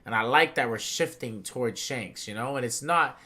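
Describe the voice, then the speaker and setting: A young man with a bright, forceful tone chatting loosely on a podcast. He talks in excitable, slangy bursts, jumping between low mutters and loud acted-out lines. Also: normal speed. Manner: excitable, slangy, acts out characters' lines in swinging voices. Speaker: podcast co-host. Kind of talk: casual chat.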